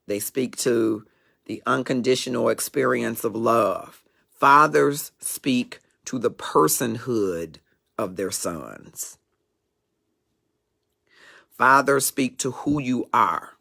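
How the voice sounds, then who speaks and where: Middle-aged male host with a gravelly, fry-edged voice at a middling pitch; emphatic and preachy, prone to digressions in a motivational talk show monologue. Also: slow, bright, forceful tone.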